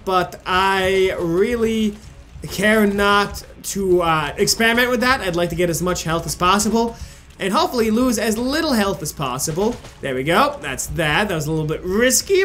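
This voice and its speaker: A man commentating his own gameplay, frustrated and swearing, with sudden yelling outbursts. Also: sits high. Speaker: gaming video creator. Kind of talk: casual let's play commentary. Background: game music.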